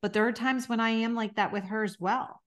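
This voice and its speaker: A woman's voice: a little high, steady tone, a little fast, fairly bright tone. A middle-aged woman hosting a podcast, talking frankly and emphatically, with the odd mild swear. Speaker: podcast host and coach. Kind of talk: conversational podcast talk.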